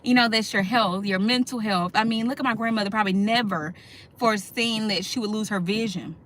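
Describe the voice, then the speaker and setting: A woman's voice: medium pitch, a little fast, fairly bright tone. A middle-aged woman hosting a casual talk, speaking heartfelt and personal and calling her listeners "y'all". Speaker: host.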